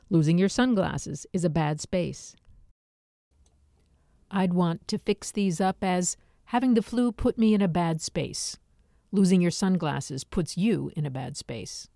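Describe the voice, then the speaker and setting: Low, gravelly-voiced woman reading with wry humor. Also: dark tone, no echo. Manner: wry, dry humor in asides; measured, explanatory delivery. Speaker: audiobook narrator. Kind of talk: scripted nonfiction reading.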